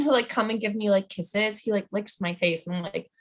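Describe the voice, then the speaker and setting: A woman's voice: medium pitch, moderate pace. A young adult woman chatting as a podcast guest, playful and full of fillers like "like" and "um". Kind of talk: casual podcast chat.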